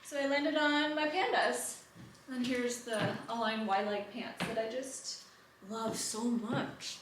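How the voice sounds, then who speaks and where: Woman, thirties, casual home vlog, chatty, lots of "like", slightly high voice, faint room noise. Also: fairly even intonation, measured pace. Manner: chatty, frequent "like" fillers, breaks off to talk to her dog. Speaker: lifestyle vlogger. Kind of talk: casual vlog talk to camera. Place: at home, indoors.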